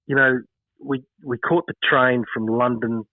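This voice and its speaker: An Australian man in his fifties, a former cricketer recounting stories at a relaxed, rambling pace. His pitch sits in the middle range. The sound is thin and phone-like, with a dry, roomless quality. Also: a little slow, no echo. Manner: rambling, many fillers, chuckles while telling stories. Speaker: former cricketer, podcast guest. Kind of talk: casual interview storytelling.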